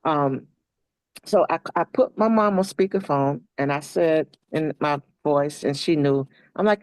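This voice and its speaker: A woman's voice: low voice, measured pace, dry recording, poor audio. Woman telling her story, dry sound. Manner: relaxed, frequent fillers and restarts, reads poetry aloud. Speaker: interview guest. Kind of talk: personal storytelling in conversation.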